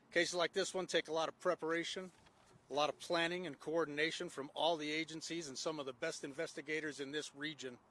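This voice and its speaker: A man's voice: on the high side, fairly bright tone. A man directing a gang unit, reading a prepared press conference statement with frequent "uh" fillers, outdoors with faint background noise.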